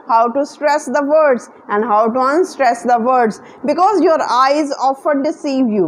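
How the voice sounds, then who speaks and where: A woman giving a spoken lesson in an earnest, repetitive way, spelling words out letter by letter. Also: sits high. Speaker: English teacher. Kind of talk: spoken English lesson to camera.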